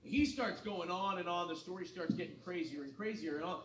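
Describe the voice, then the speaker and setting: Man host telling a story, slightly high voice. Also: brisk, hardly any pauses, very noisy. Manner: animated storyteller, acts out quotes. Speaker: morning radio show host. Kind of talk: casual storytelling chat. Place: studio. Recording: roomy sound from a distance, crowd behind.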